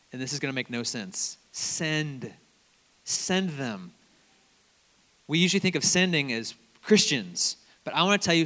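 A man preaching a sermon, telling stories animatedly and swinging between loud bursts and hushed asides. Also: on the high side, in a large hall.

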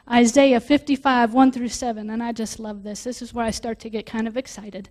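A woman preaching a sermon, reading scripture aloud and stopping to explain it, growing louder on key points. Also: fairly high pitch, steady tone, normal speed, few pauses. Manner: reads scripture aloud and breaks off to explain it, rising with emphasis.

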